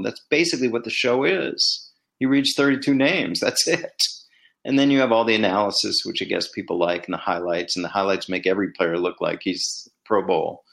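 A middle-aged man with a fairly low voice shares stories from his years as a team executive. He talks casually, like he's chatting with a listener. When he quotes people in his stories, his pitch jumps up. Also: fairly bright tone. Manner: conversational storyteller, acts out quoted dialogue with rising pitch. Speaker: former team executive turned commentator. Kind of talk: casual solo commentary.

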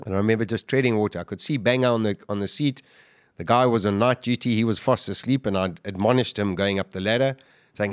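A man's voice: lowish voice, fast, no room sound, clean studio sound. A middle-aged man, a podcast guest, telling a survival story intensely and vividly, acting out his own quotes. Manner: animated, vivid retelling with acted-out quotes.

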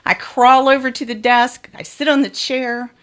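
A woman's voice: high voice, fairly even intonation, normal speed. A woman frankly telling a bawdy, comic first-person story.

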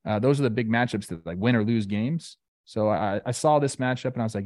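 A man co-hosting a casual baseball talk show, rambling and joking in an animated way. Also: lowish voice, fast, hardly any pauses, no echo. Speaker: baseball analyst and co-host.

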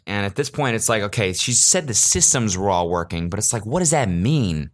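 A man with a lowish voice talks loosely through a story on his podcast. He rambles, swears often and throws in sarcastic jokes that he then walks back. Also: moderate pace, few pauses, fairly bright tone. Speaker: podcast host. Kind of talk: casual comedic storytelling.

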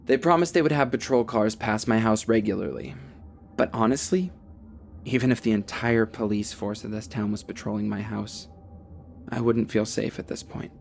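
A young man narrating a first-person horror story in a steady, tense telling. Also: lowish voice, moderate pace, vocal fry, a little hiss or hum. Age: young adult.

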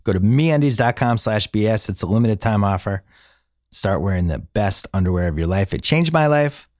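A man's voice: lowish voice, lively intonation, moderate pace, darkish tone, no echo, studio quality. A man hosting a sports podcast, reading an ad and chatting in an easygoing way with his guests. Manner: easygoing, conversational. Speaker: podcast host. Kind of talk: casual chat and host-read ad.

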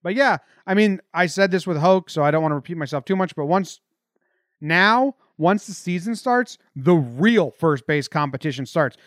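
A young man co-hosting a sports podcast, talking in a quick, opinionated, loose way. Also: on the high side, lively intonation, no room sound, studio quality. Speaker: podcast co-host. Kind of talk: casual sports podcast chat.

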